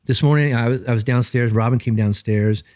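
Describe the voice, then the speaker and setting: A middle-aged pastor speaks earnestly on a podcast. His voice sits at an ordinary pitch and swings up and down as he acts out what other people said. The sound is dry and close, with no room echo. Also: brisk. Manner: earnest, animated, acts out quoted dialogue. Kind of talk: reflective podcast conversation.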